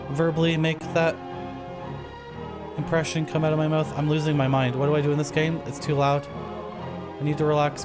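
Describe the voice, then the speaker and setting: A man streaming a game live, talking in a rambling, jokey way and drifting into tangents. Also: mid-range voice. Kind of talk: live gameplay commentary. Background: game music.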